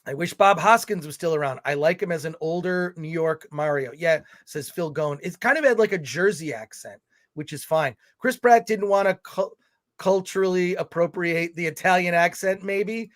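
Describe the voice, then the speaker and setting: Guy with a high voice ranting on a film livecast, reading chat comments out. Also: moderate pace. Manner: animated, ranting, reads viewer comments aloud. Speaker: podcast co-host reading chat.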